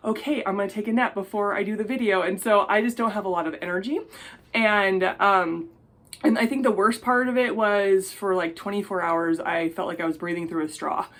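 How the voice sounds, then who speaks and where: A woman chatting casually in her jewelry-making vlog, gushing and excitable, and tired after an illness. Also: medium pitch, brisk. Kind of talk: casual tutorial chat.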